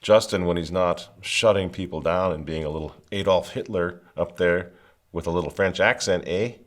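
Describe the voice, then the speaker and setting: A man's voice: deep voice, moderate pace. A man hosting political commentary, mocking and sarcastic with wry asides. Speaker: host.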